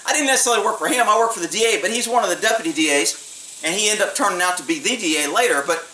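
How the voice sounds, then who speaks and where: A man's voice: high voice, expressive, rapid-fire, pushed and bright. A man, a former police officer, telling a story in a blunt, streetwise way and swearing freely. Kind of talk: casual storytelling. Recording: echoey room, mic at a distance, faint hiss.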